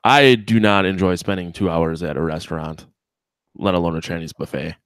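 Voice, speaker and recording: A man's voice: low-pitched, fairly even intonation, moderate pace, no room sound. Dry-sounding man trading crude jokes. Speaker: podcast co-host. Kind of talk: casual podcast banter.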